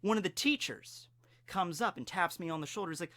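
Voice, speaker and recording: A man giving an excitable, animated anime commentary, telling stories with the odd swear. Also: sits high, fast. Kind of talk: casual commentary.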